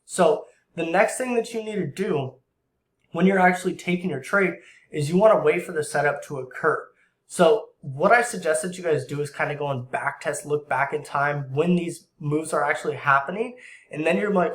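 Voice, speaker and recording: A young man giving a casual screen-share forex trading tutorial, talking in slang and acting out traders in quick asides. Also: a little high, echoey room. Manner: animated, acts out traders and market makers in quick asides; slang-heavy and conversational.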